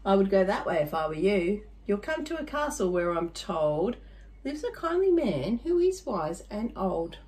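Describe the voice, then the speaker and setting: A woman's voice: mid-range voice, sing-song, normal speed, darkish tone, lightly acted. A hooting old owl perched in a tree, wise and helpful, as a woman reading aloud puts him on. He gives his directions in a plain, friendly storybook voice.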